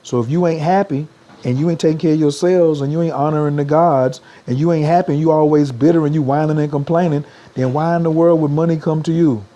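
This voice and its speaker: A man's voice: a little high, steady tone, quick pace, dark tone, highs cut off. A man, giving a motivational livestream talk as a spiritual coach, repeating slogans and urging viewers to type them.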